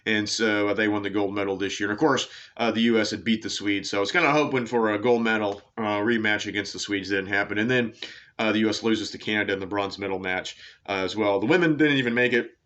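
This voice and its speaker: A man hosts a sports show in a low voice with a bright, forceful edge. He rambles through tangents, full of fillers and casual swearing. The recording sounds dull and lo-fi. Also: fairly even intonation, fast. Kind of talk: casual sports commentary monologue.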